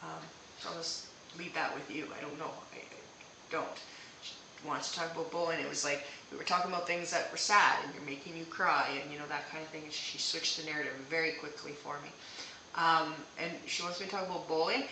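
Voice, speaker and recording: A woman psychic medium giving a live-streamed reading, speaking gently and reassuringly and often checking in with "okay?". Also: low voice, fairly even intonation, normal speed, echoey room, recorded from a distance, a little hiss or hum, rough recording.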